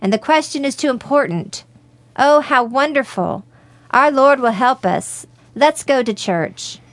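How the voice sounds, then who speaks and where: A woman's voice: high-pitched, animated, a little slow, no room sound. A woman voicing a joyful, humble young male friar in a read-aloud story, exclaiming with delight. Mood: overjoyed. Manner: exclaiming, overjoyed.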